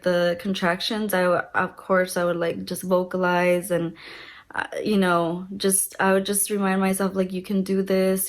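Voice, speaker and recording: A young woman talks straight to her viewers in an easy, chatty way, sprinkling her story with fillers. Her voice sits at an ordinary middle pitch, and she animates the retelling as she goes. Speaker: vlogger telling her birth story. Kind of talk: casual storytelling to camera.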